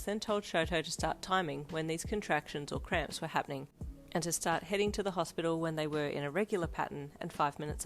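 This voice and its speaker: A woman reading fanfiction aloud in a steady storybook narration. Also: low voice. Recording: soft lofi piano behind.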